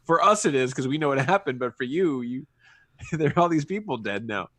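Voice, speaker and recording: A man co-hosting a podcast, talking casually about movies and searching for words as he goes, getting animated when something puzzles him. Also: mid-range voice, brisk, no echo. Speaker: podcast co-host.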